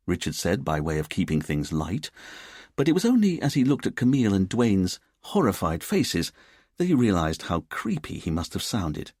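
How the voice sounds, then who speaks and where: A male audiobook narrator with a deep, husky voice and a lively, expressive pitch. He tells the story in a measured way. The recording is dry and close. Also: dry recording. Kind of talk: scripted narration.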